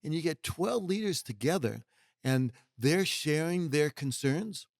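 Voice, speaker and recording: A man's voice: a little high, animated, unhurried, vocal fry, no echo, clean studio sound. A middle-aged man speaking as a podcast guest, emphatic and folksy, now and then acting out what other people say. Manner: emphatic, folksy, acts out quoted voices. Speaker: guest executive mentor. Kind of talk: podcast conversation.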